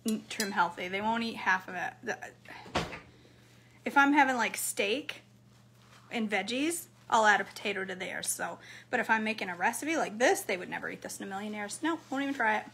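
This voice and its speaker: A woman's voice: medium pitch, normal speed, a bit bright, a little hiss or hum. A woman chatting to her viewers while cooking and eating, answering their comments. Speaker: cooking vlogger. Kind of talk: casual cooking vlog chat.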